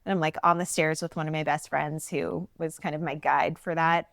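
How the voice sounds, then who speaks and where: A woman's voice: low-pitched, flat delivery, normal speed, creaky, a bit bright, no echo, studio quality. A woman in a casual podcast conversation, bubbly and chatty, laughing often and trailing off into fillers.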